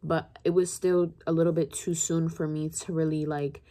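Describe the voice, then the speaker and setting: Low, mellow-voiced young woman rambling. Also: little pitch movement, moderate pace. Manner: rambling, confiding, heavy use of "like". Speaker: vlogger. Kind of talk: casual storytime vlog.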